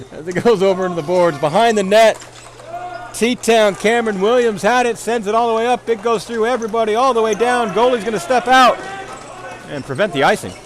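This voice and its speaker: A man calling play-by-play for a ball hockey game, rambling into self-deprecating asides between plays and shouting on goals. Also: high voice, slight background noise. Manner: excited calls on goals. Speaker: play-by-play commentator.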